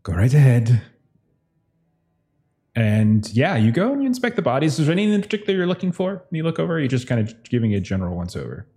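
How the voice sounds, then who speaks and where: A man running a tabletop game as game master, narrating scenes and voicing characters with a relaxed, chuckling manner. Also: medium pitch, fast talker.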